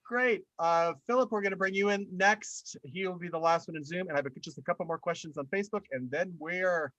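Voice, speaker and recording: A man hosting a live video chat, briskly reading out viewer comments and announcements. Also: high-pitched, fairly bright tone, no echo, muffled recording. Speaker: host.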